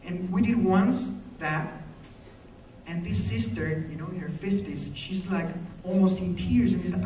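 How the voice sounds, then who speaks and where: Man, passionate conference speech, high-pitched, far from the mic. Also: moderate pace, warm tone, slight background noise. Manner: passionate, storytelling. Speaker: conference speaker. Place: conference hall. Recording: echoey hall, mic from far off.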